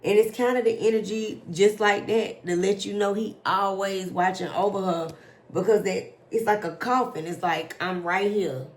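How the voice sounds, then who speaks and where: A woman doing a casual tarot reading for her viewers, slowly reading out card messages and reacting to them. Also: medium pitch, fairly even intonation. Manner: slow, drawn-out, reads card text aloud then reacts emotionally. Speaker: tarot reader.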